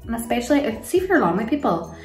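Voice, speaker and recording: A woman's voice: on the high side, sing-song, very fast, darkish tone, soft background music. Chatty Irish woman in a roomy space. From Ireland. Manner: chatty and rambling, gushing over products with frequent laughs. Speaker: beauty vlogger. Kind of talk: casual makeup tutorial and Q&A chat. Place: home room, kids nearby. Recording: roomy sound from a distance.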